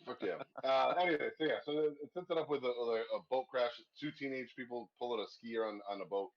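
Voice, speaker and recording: A man's voice: medium pitch, quick pace. A man talks through a horror movie with his co-hosts in a loose, rambling way, swearing freely and breaking into laughter. The recording sounds dull and lo-fi. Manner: profane, rambling, laughs a lot. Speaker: podcast host. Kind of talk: casual movie discussion.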